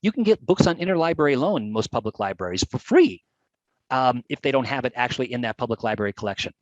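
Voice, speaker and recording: A man giving a lively live webcast presentation on geography, chatty and animated. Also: medium pitch, quick pace, no echo, lo-fi sound. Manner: animated, chatty, with playful put-on voices. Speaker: GIS educator presenting a webcast.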